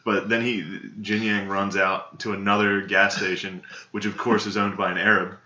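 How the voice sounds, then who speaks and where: A man's voice: lowish voice, level tone, normal speed, bright, forceful tone. A male podcast co-host telling a story in crude, rambling, casual comedic chat. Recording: tinny echoey laptop recording.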